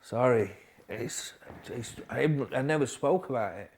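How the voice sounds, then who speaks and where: Halting, quiet-spoken man. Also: medium pitch, expressive. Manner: quiet, halting storytelling with restarts, dropping softer at hard moments. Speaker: podcast guest. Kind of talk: recovery story interview.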